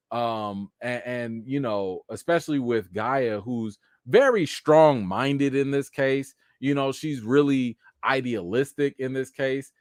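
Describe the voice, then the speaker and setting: A man's voice: mid-range voice, dry recording, studio quality. A man hosting a live chat reaction and review of a TV episode, talking casually with lots of "you know" fillers. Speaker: show host and reviewer.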